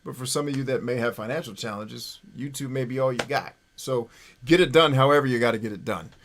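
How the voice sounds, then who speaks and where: A man's voice: mid-range voice, brisk, slight background noise. A man hosting a casual livestream, talking loosely, often checking in with "right?", and swearing when he gets worked up. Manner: former radio voice for phone numbers. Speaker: livestream host.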